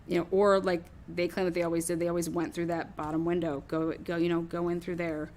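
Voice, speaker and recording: A woman's voice: fairly low pitch, flat delivery, brisk, hardly any pauses, darkish tone, slight background noise. A woman hosting a true crime show, talking through her theory in a rambling, casual way, swearing often and acting out what others might have said.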